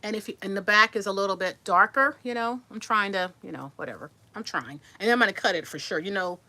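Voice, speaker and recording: A woman's voice: medium pitch, fast, pushed and bright. A woman in her sixties telling a personal story to her viewers in a chatty, rambling way, restarting words and answering comments while resting after surgery. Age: 60s. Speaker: vlogger.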